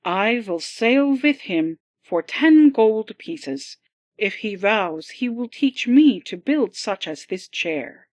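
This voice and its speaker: A woman voicing a calm male Swedish sea captain in an audiobook, speaking in a smooth, rolling Swedish accent. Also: a little high, slow pace, dry recording, voice pushed up. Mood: calm, measured.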